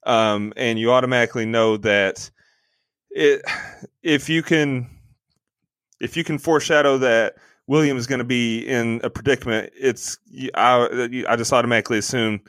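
A man's voice: medium pitch, fairly even intonation, moderate pace, fairly bright tone, no room sound. Podcast co-host, male, casual rambling critic, dead-dry mic sound. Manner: opinionated, rambling with many fillers. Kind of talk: casual movie review chat.

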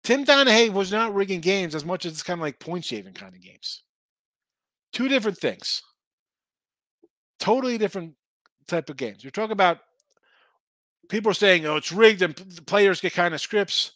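Sports betting host guy, rambly and fired up, high bright voice, dry close sound. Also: normal speed, pauses often, no echo. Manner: rambling, excitable, talks back to chat. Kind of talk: casual live-stream chat reading viewer comments.

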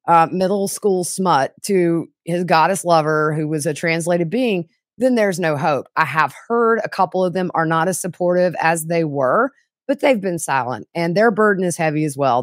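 Animated woman podcast guest, low voice. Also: dry recording, clean studio sound. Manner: animated, candid, quick asides. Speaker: podcast guest, trial reporter. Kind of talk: casual interview chat.

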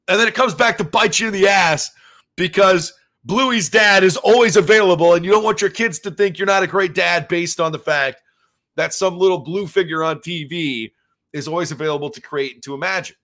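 A man in his thirties hosts a solo podcast with a bright, forceful voice that sits a little high for a man. He rambles casually, piling on fillers as he shares his take as a dad. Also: a little fast. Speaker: podcast host. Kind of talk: solo reaction commentary.

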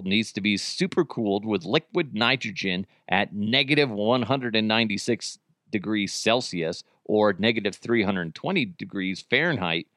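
A man's voice: on the low side, a bit bright, no echo, studio quality. A man hosting his own podcast in casual solo chat, crude and joking, often poking fun at himself. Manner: crude, joking, self-mocking. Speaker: podcast host.

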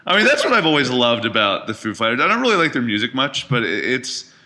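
Bright-voiced animated podcast man. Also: mid-range voice, fast. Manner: animated, swearing, laughs easily. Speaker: podcast co-host. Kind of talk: casual chat.

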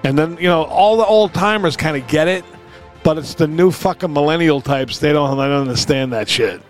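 A man's voice: on the high side, a little fast, soft background music. Profane ranting man. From New England. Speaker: podcast co-host. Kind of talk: casual comedic chat.

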